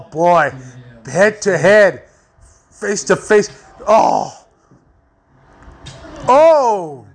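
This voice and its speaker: A man hosting a wrestling watch-along, excitedly calling the action, swearing a lot and shouting at the big moves. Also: high-pitched. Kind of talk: excited live commentary.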